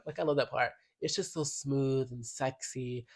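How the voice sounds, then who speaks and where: A medium-pitched, gravelly male voice holds a steady tone and moderate pace with few pauses as he reviews an album in a casual vlog. He's sassy and slangy, stresses his points, and occasionally reads lyrics aloud.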